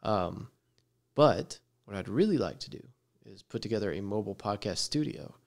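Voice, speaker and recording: A man with a Texan drawl talks loosely and easily on his podcast, spinning stories about travel and personal space. He laughs often and keeps the chat relaxed and friendly. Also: on the low side, moderate pace, creaky. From West Texas. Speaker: podcast host. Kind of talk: casual chat. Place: studio with guest six feet away.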